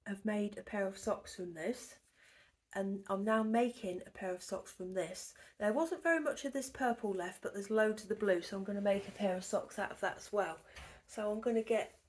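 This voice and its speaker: A woman's voice: mid-range voice, a little mellow. Woman, knitting podcast host, chatty, rambling, often near a whisper, home living room. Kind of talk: casual show-and-tell chat.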